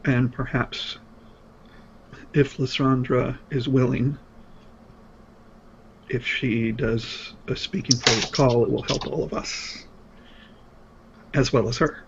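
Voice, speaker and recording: A man playing a tabletop role-playing game, speaking slowly and haltingly with many fillers, sometimes in character. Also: fairly even intonation, vocal fry. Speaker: player. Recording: dull low-fi stream audio with faint noise.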